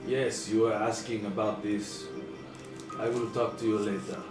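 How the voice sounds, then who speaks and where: A man's voice: fairly low pitch, level tone, recorded from a distance, close to an everyday voice. A man doing a weeping dwarf mage with a German accent. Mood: grieving. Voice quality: thick put-on German accent. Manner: grieving, halting, formal speech. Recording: echoey backyard or living room with music behind.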